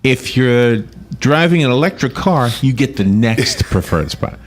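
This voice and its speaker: A man's voice: mid-range voice, expressive, measured pace. A man hosting a casual call-in radio show, chatty and laughing at his own stories.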